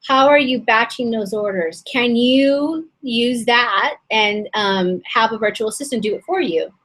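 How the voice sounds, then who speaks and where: A woman hosting a casual online business session. She talks in a chatty, rambling way, full of fillers and restarts, and her voice is a little hoarse and strained. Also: on the high side, unhurried, fairly bright tone, poor audio. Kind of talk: casual webinar teaching.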